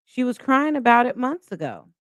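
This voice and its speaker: A woman's voice: fairly high pitch, sing-song, moderate pace, dry recording, clean studio sound. A woman hosting a casual live stream, chatting and reading viewer comments aloud.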